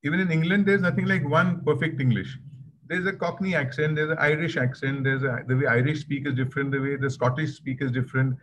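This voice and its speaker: A man's voice: on the high side, steady tone, quick pace, a bit bright, a little hiss or hum, poor audio. A man with an Indian accent giving a conversational webinar talk, anecdotal and repeating phrases for emphasis, over a video call. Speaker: webinar guest speaker.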